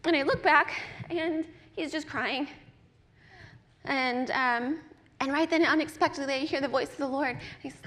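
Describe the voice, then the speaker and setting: A woman giving a sermon at a church service, with animated, personal storytelling and easy laughter. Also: high-pitched, moderate pace, big-room sound. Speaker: guest speaker at a church.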